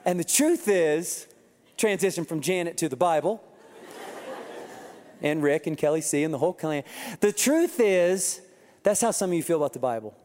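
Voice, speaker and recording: A man preaching a sermon, telling a funny story with quoted voices and lively asides. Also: a little high, normal speed, pauses often, a faint crowd. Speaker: pastor. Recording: reverberant hall.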